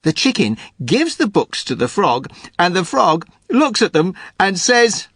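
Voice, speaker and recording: A man's voice: high-pitched, very animated, unhurried, fairly bright tone, slightly rough, dry recording, studio quality, exaggerated voice. An actor playing an eager, bumbling joke-teller in a scripted podcast, stumbling over his starts. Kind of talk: scripted comic podcast segment.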